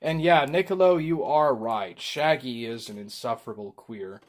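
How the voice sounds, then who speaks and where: A man's voice: medium pitch, normal speed. A man chatting casually on his livestream, rambling with frequent ums while reading chat.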